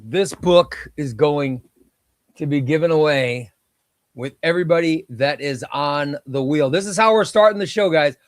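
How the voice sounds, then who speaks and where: A man's voice: fairly high pitch, measured pace, no echo. A man hosting a casual comic book livestream, chatting with viewers and calling out names as they are eliminated from a giveaway wheel. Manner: chatty, exclaims at each elimination.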